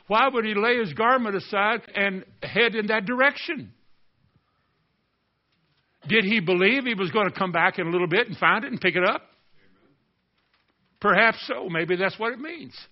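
Fervent male preacher on lo-fi radio. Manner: passionate, rising to near-shouting then dropping low. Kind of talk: sermon.

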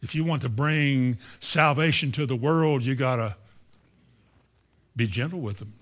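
A man preaching a sermon, moving between quiet asides and loud, emphatic lines. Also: medium pitch, unhurried.

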